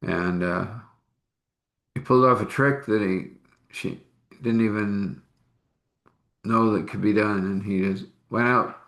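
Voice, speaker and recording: A man telling a personal story out loud in a halting, rambling way, with fillers and restarts. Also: on the low side. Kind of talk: casual spoken storytelling.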